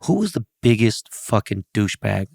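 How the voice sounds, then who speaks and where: A man hosting a podcast in casual chat, blunt and profane, teasing his guest with quick-fire questions. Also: fairly low pitch, sing-song, gravelly, a little mellow, no room sound, studio quality. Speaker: podcast host.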